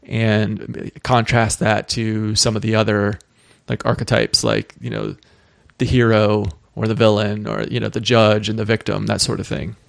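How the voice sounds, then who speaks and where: A low-voiced man hosts a podcast interview in a casual, soft-spoken way. His voice has a gravelly edge, and the sound is dry and close. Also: normal speed, dry recording. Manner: brief, soft affirmations. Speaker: podcast host.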